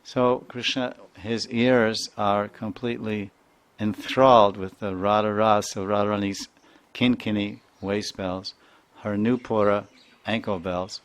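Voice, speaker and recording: A man giving a devotional lecture as a spiritual teacher, chanting verses and imitating sounds in a playful, animated way. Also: fairly low pitch. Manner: animated, playful, mimics sounds and voices, chuckles often.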